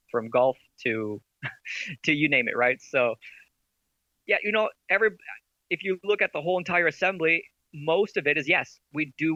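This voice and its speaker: A man's voice: fairly high pitch, bright, forceful tone, dry recording, muffled recording. A man, a podcast guest who founded an esports team, talks in an enthusiastic, rambling way and argues through rhetorical questions. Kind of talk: casual interview chat.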